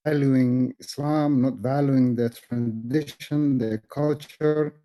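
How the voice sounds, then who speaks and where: A man speaking in a group discussion, measured and thoughtful, with many fillers and repeated words. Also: mid-range voice, fairly even intonation, mellow, low-quality recording. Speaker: speaker in a live audio discussion.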